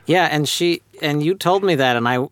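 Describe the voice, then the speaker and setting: A man's voice: a little high, moderate pace, smooth, no room sound. Young man, casual chat, hesitant storyteller, dry close recording. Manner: hesitant, many restarts, chuckling storyteller. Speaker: storyteller recalling school days.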